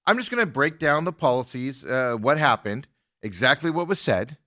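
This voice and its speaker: Animated, bright-voiced man telling a story. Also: medium pitch, moderate pace, no echo, studio quality. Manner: animated, indignant retelling with quoted exchanges. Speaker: talk show host. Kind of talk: casual chat, telling a story.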